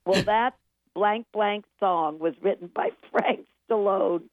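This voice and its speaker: An older woman, a songwriter being interviewed, telling animated anecdotes and acting out what people said, laughing often. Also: mid-range voice, slow pace, dry recording. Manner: lively anecdotes, acts out quotes, laughs often. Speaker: guest songwriter. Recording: tinny phone line, dry.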